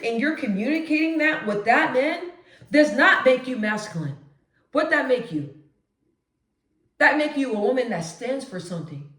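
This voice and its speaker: A woman vlogging straight to camera, with a naturally deep voice she lifts a notch as she talks emphatically. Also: roomy sound. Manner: emphatic, animated, conversational. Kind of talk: direct-to-camera monologue.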